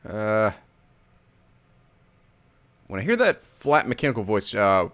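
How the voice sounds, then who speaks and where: A man hosting a let's play, reading the game's text aloud with animated, laughing asides. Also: lowish voice, slow.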